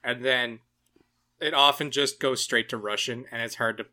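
A man hosting a casual podcast, animated and joking, swearing freely. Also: mid-range voice, moderate pace. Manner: animated, profane, jokey. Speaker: podcast host.

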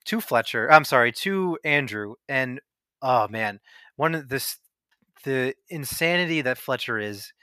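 Bright animated man hosting a podcast. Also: mid-range voice, unhurried, clean tone, dry recording, studio quality. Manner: animated retelling with laughs. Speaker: podcast host. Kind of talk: casual film discussion.

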